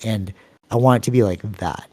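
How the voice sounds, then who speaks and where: Podcast co-host, Canadian man, rambling storyteller, warm mellow tone, dry close mic. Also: a little fast, no room sound. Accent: Canadian English. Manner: long-winded, rambling storytelling with many fillers; acts out quoted voices with sudden pitch jumps. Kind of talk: casual podcast chat.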